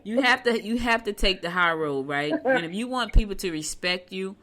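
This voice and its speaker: Bright-voiced woman host. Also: mid-range voice, normal speed. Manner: folksy, animated storytelling with Southern US speech. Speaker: podcast host. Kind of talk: casual chat.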